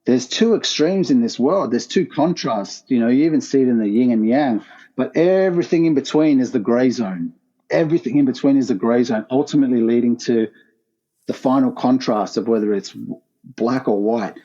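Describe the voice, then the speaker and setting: A man's voice: medium pitch, normal speed, mellow, lo-fi sound. A man, a podcast guest telling a raw personal story in an earnest, intense way with casual slang. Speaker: podcast guest, former pro skateboarder. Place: his art gallery, remote call.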